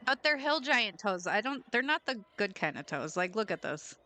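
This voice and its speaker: A young woman chats through a game stream in a loose, playful way, riffing on silly ideas and giggling. Her voice is bright and forward, at a middle pitch for a woman. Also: big pitch swings, normal speed, rough recording. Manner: chatty and playful, giggling at her own jokes. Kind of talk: casual chat while gaming.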